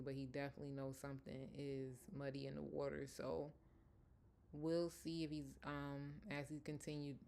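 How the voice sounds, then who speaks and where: A woman's voice: low-pitched, a little mellow, slight background noise. A woman casually recapping a TV episode in a rambling, conversational way with many fillers. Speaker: TV episode reviewer.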